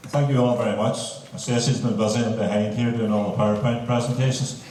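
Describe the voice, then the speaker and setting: A man's voice: medium pitch, steady tone, quick pace, noisy background. A man, cheerfully thanking a concert audience and introducing the last song. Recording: echoey hall with loud crowd, far off.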